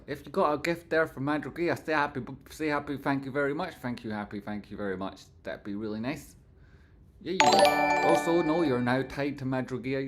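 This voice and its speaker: A man running a casual live stream, chatting with his viewers and thanking them one by one. He is playful and breaks into silly sung phrases, at a middle pitch for a man. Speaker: livestream host.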